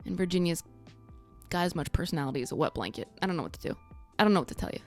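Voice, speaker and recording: A woman vlogger talks through a show recap in a low-set voice that swings up and down a lot. She is blunt and sarcastic, with casual swearing, and faint music plays behind her. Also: lively intonation, rapid-fire.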